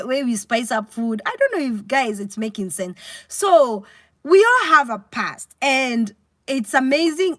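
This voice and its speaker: A woman with a Kenyan accent hosting a casual livestream, chatty and animated, reading out comments and mixing in Swahili. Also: on the high side, dry recording, studio quality. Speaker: livestream host.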